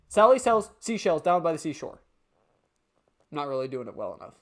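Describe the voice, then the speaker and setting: A woman's voice: deep voice, big pitch swings, fairly quick, pauses often, soft background music. A woman streamer doing let's play commentary, rambling and swearing at her own slips.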